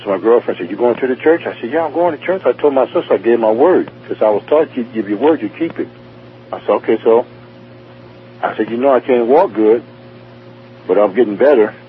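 A man's voice: medium pitch, expressive, brisk, a little hiss or hum. A man from New York with a New York accent telling his personal testimony in a rambling, repetitive way, acting out dialogue. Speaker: testimony speaker. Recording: tinny phone-like radio broadcast.

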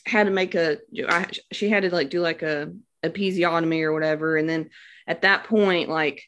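A young woman's voice, sitting low but a bit bright, keeps a steady tone at normal speed, with slight background noise. She's a new mother giving a casual, devout account of her birth, heavy on fillers and praise.

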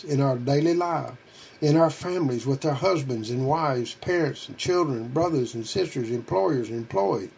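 A man's voice: on the high side, vocal fry, a little mellow, husky. A middle-aged man preaching a sermon, earnest and pleading, asking his listeners question after question.

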